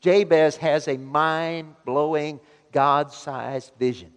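A man preaching a sermon as pastor, emphatic and building to loud exhortation. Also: medium pitch, slow. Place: church sanctuary. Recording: long church reverb.

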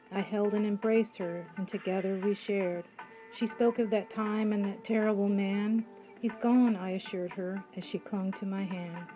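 A woman reading her own rhyming poem aloud in a measured, rhythmic way. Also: mid-range voice, rough recording. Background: soft background music.

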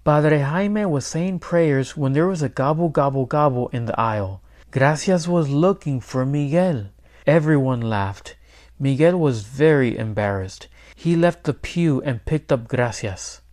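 A man, a teacher, reading a children's picture book aloud in clear, steady storytelling. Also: medium pitch, unhurried. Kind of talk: children's read-aloud narration.

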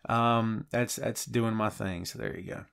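A middle-aged man hosting a wrestling show, chatting casually and reacting excitedly to viewer comments, with a lot of filler words and restarts. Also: fairly low pitch, unhurried, creaky, smooth. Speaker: wrestling podcast host.

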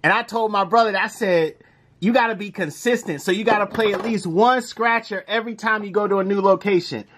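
A man, commenting casually as he scratches lottery tickets, reading numbers aloud in slang and breaking into excited shouts. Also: high voice, brisk, a little hiss or hum.

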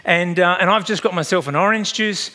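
High-voiced and brisk, this Australian man in his fifties is a pastor giving a sermon. His storytelling is animated and chatty, and he laughs at his own tales as he goes.

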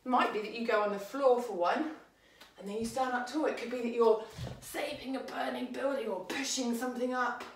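A woman's voice: a little high, a little fast, echoey room, far from the mic, slight background noise, low-quality recording. A woman with an English accent teaching a children's dance lesson, counting beats and calling out moves in an upbeat way. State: out of breath.

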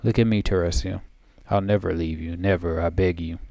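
A man reading out the lines of a lovesick, devoted male satyr from a game, in his own low gravelly voice. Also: fairly even intonation, fairly quick, mellow, no room sound. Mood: pleading. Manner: reads dialogue aloud from the screen. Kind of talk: reading game dialogue aloud.

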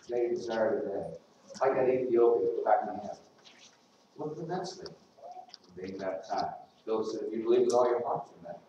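A man's voice: on the low side, a little fast, mellow, slight background noise. A man preaching a sermon in a church, talking conversationally and putting questions to the congregation. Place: church sanctuary. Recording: echoey church, mic far off, dull sound.

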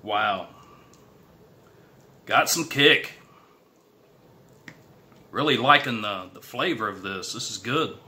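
Southern man, middle-aged, unhurried drawl, very bright tone, folksy vlog chatter. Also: lowish voice, expressive. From Texas. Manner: chatty, folksy, hyping himself up. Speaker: YouTube creator. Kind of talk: casual eating challenge vlog.

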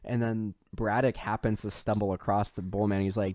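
A man co-hosting a podcast, casually retelling a film's plot with swearing and quick quoted lines from the characters. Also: lowish voice, no echo, studio quality. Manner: profane, animated retelling with put-on character quotes. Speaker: podcast co-host. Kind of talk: casual movie recap chat.

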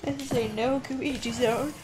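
A woman's voice: high voice, steady tone, over music. A woman co-hosting a video game playthrough, joking and laughing in casual chat. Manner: giggly, jokey, quick asides. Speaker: let's play co-host.

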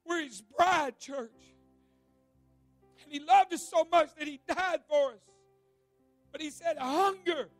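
A male pastor preaching an evening sermon in a church, telling a vivid story with repeated words and swinging from loud to hushed. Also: very high-pitched, slow, pauses often, no room sound, soft background music. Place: church sanctuary.

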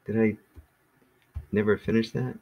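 A man teaching a small class in a relaxed, rambling way, with many ums and restarts. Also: fairly low pitch, unhurried, creaky, highs cut off. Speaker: Greek teacher.

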